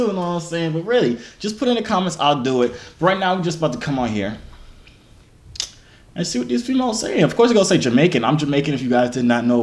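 A man's voice: mid-range voice, animated, fast talker, roomy sound. A twenty-year-old man from New Jersey, a YouTuber, boasting and joking in slangy casual banter on a phone video chat.

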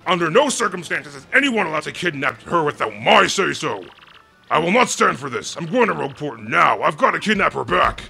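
A gravelly, gruff villain king, done by a man, bossy and sarcastic, barking out insults. His voice swings up and down a lot, with a bright, forceful edge. Faint game music plays behind him. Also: a little high, big pitch swings, fairly quick, full character voice. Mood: blustering. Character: blustering gruff turtle king villain, male.

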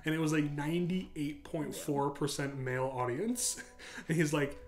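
A man's voice: a little high, normal speed, faint music behind. Laid-back American man chatting casually. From United States. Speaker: podcast co-host. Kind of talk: casual chat.

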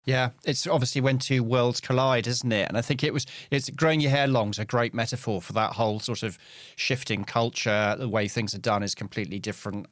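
Dry-sounding brisk podcast co-host man. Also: medium pitch, no room sound. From South Coast of England. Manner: brisk, keeps the talk on track. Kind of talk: casual podcast chat.

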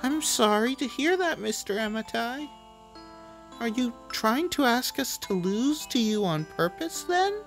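Polite young hero, voiced by a game player: raised pitch, lively lilt, music bed. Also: a little slow. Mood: apologetic.

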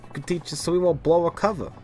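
A man's voice: fairly high pitch, fast, dark tone, faint music behind, pitched above the performer's own voice, natural voice. A man voicing a polite young male band leader in a video game who begs for help, earnest and pleading.

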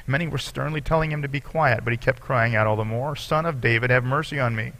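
Gravelly-voiced man preaching a sermon. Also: medium pitch, fast talker, fairly bright tone. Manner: earnest preaching, reading scripture aloud with asides. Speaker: pastor.

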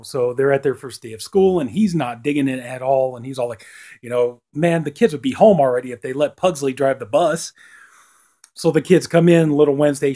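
A man with a warm, mid-range voice gives a casual, rambling spoken review of a TV episode, leaning heavily on "you know." He acts out lines by lifting his voice.

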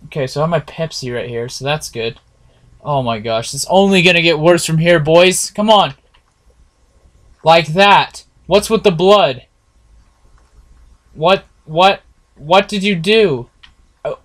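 A man's voice: high-pitched, a little slow, a bit bright. A man giving nervous, jumpy commentary while playing a horror game, talking to his viewers and swearing often. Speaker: gameplay streamer.

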